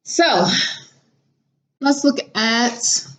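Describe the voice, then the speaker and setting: A woman vlogging casually, telling a story in a chatty, animated way and laughing now and then. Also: a little high, extremely slow. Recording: slightly dull lo-fi audio.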